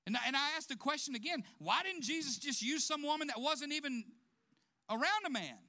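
A man preaches to his congregation in a high-pitched voice. His tone is bright and ringing, and he leans into his points with direct questions. Short laughs break up his sermon here and there. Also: lively intonation, a little fast. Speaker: pastor.

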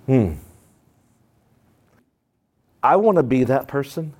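Slightly rough-voiced, this pastor gives a lively, homespun sermon to his congregation. Loud outbursts alternate with quiet asides, and he briefly takes on quick voices to portray the people he mentions.

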